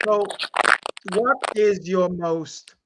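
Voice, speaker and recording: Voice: medium pitch, drawn-out words. An interviewer who sums up the guest's answers and asks short, plain questions. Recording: loud noisy line.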